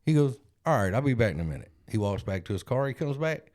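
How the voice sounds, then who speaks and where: A man's voice: medium pitch, very animated, quick pace, darkish tone. A man, co-hosting a podcast and telling a self-deprecating story in a casual way, acting out other people's lines. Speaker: podcast co-host.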